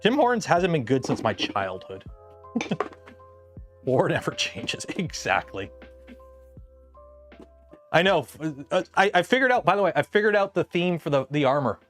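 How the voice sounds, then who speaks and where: A man's voice: on the high side, very animated, normal speed, fairly bright tone, faint music behind. A young man chatting casually and rambling on tangents while he works on a build during a livestream. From Canada. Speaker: livestream host.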